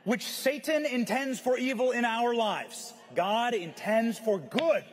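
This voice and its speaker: A man giving an impassioned, preachy rally speech to a crowd at a conference, often shouting. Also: very high voice, slow, slight background noise. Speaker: conference speaker. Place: large event hall. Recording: long hall reverb.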